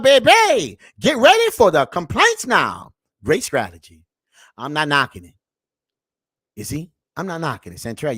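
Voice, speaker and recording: Animated man preaching reaction commentary. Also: sits high, no echo, clean studio sound. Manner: preachy, keeps calling out to the people; drawn-out, animated swings between mutter and shout. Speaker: reaction video host.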